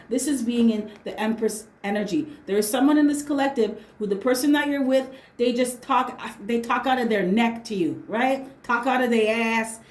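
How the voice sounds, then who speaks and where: A woman giving a casual tarot reading, blunt and slangy, swearing freely and hammering her points home with "right?" and "okay?". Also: on the high side. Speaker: tarot reader. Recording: roomy echo.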